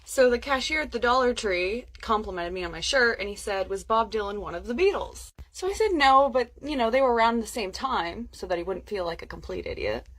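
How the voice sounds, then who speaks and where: A woman's voice: on the high side, sing-song, a little fast, few pauses, a bit bright. A woman telling a story to camera in an amused, casual way.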